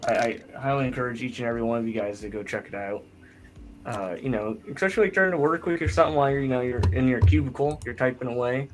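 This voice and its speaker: A man's voice: medium pitch, quick pace, a little hiss or hum. A man hosting a live stream in a laid-back, hesitant way with frequent uhs. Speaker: stream host.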